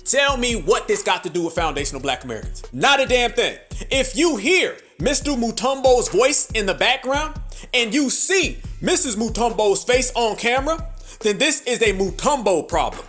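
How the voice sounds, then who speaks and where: A man with a strikingly high voice delivers a heated social commentary rant. He talks in an emphatic, sing-song way and circles back to mocking repeated phrases. Faint music plays under him. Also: big pitch swings, normal speed, fairly bright tone. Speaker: commentary channel host.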